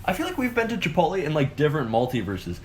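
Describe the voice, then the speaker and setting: Lively, higher-voiced casual male co-host. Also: quick pace, a little hiss or hum. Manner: animated storytelling, heavy use of "like". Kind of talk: casual chat.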